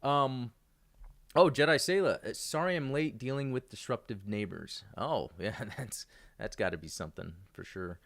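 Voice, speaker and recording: A man's voice: mid-range voice, animated, normal speed, vocal fry, a bit bright. A man hosting a casual live-streamed podcast, rambling with many fillers and restarts. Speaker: podcast host.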